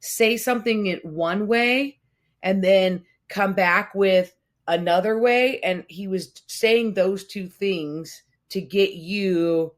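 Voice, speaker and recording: A woman's voice: mid-range voice, slow pace. A woman co-hosting a casual podcast conversation, telling stories and acting out quoted lines. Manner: animated storytelling, acts out quotes in raised voice. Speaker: podcast co-host.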